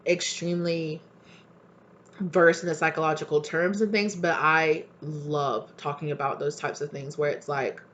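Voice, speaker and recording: A woman's voice: sits low, steady tone, a little slow, a bit bright, highs cut off. A young adult woman, a tarot reader, talking casually to camera in a heated, passionate rant with swearing.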